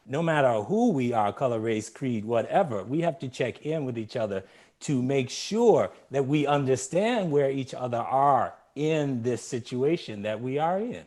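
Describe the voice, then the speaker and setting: A man speaking as a guest in an interview, earnest and measured, stressing his points. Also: mid-range voice, expressive, a little mellow. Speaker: guest dancer.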